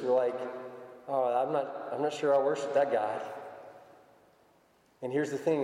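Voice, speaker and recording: A man's voice: medium pitch, warm tone. A man preaching a conversational sermon, telling everyday stories to make his point. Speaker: pastor. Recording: echoey hall, voice from far off.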